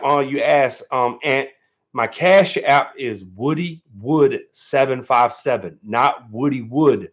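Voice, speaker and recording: A man hosting his first livestream in a casual, rambling way, full of fillers and a little nervous. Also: medium pitch. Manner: laid-back, rambling, lots of fillers and "man". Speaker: livestream host.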